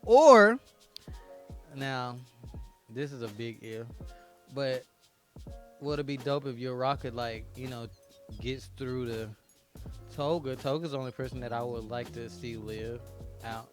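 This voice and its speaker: A young adult man co-hosting a podcast in casual chat, excitable and animated, often talking over his partner. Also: medium pitch, measured pace, pauses often, faint music behind. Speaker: podcast co-host.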